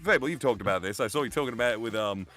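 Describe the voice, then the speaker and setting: A man from England with an English accent, chatting casually on a stream, animated and profane. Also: mid-range voice, rapid-fire, faint music behind. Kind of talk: casual chat.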